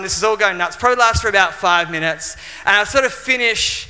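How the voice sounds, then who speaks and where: Australian male preacher, fairly high and very bright tone, animated and restarting, church hall reverb. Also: brisk, hardly any pauses. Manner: animated storytelling with frequent restarts. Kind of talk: sermon with personal storytelling.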